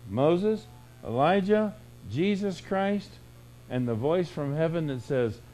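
A man preaching a sermon, emphatic and full of rhetorical questions, swinging between loud bursts and hushed lines. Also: a little high, lively intonation, slow, slight background noise, low-quality recording. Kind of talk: radio sermon.

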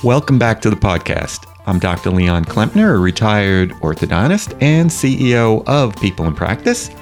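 An older man with a New York accent, a retired orthodontist, co-hosting a podcast in a relaxed, joking way. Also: lowish voice, normal speed, soft background music. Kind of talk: casual podcast chat.

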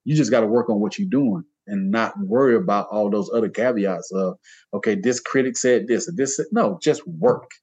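A man in his fifties, an artist guest, telling stories in casual conversation, animated, laughing often and pitching his voice up high when he quotes people. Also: normal speed, breathy edge. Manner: plain informal speech with dropped verbs.

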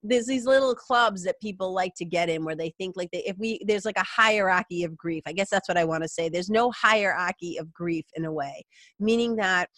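A woman's voice: on the low side, a little fast, fairly bright tone, no room sound, clean studio sound. A middle-aged woman, a yoga teacher, talking candidly and emotionally in a rambling personal monologue, with casual swearing. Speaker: yoga teacher and podcast host.

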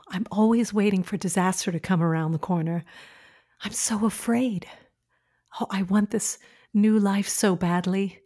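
An actress playing an anxious young pregnant wife in an audio drama, speaking softly and stammering. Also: female voice, mid-range voice, steady tone, unhurried, close to an everyday voice. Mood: teary, anxious. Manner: hesitant, stammering, soft-spoken.

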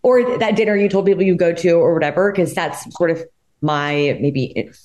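A woman with a low-pitched voice speaks on a podcast. She thinks out loud and reflects as she talks, pausing and hesitating now and then. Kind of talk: podcast conversation.

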